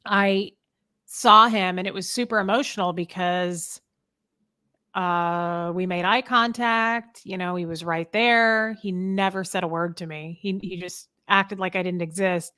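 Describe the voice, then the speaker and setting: A woman's voice: on the low side, steady tone, a little slow, sharp tone, smooth. A woman talking casually as a guest in an interview, emotional and rambling, with lots of "like" and "um".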